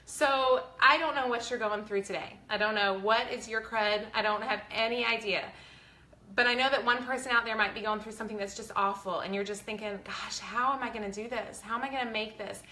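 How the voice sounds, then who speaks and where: A woman's voice: a little high, fairly even intonation, brisk, pushed and bright, reverberant. A woman, talking earnestly and chattily to her viewers, close to tears, with a faith-filled manner. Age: 40s. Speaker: vlogger. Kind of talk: casual heartfelt talk to viewers.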